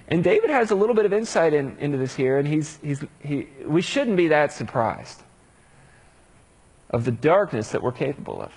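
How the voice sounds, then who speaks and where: A man delivering a sermon in a husky, slightly raised voice. He talks casually and conversationally, slipping into the voices of the people he quotes to make his points. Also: fairly high pitch. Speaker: pastor.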